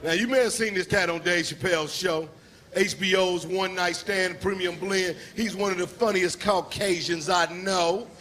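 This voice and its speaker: High-voiced hype man working a crowd. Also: fairly even intonation, moderate pace. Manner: loud, hype, rallying the audience. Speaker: comedy club emcee. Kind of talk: hyping up a live crowd. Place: comedy club stage. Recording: roaring crowd, loud club noise. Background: cheering crowd.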